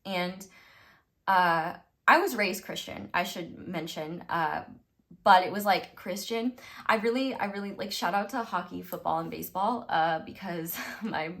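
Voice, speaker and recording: A young woman in her twenties telling a casual storytime to her viewers, rambling, cutting herself off and laughing often, with sudden loud bursts. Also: on the low side, a little slow. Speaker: tarot reader.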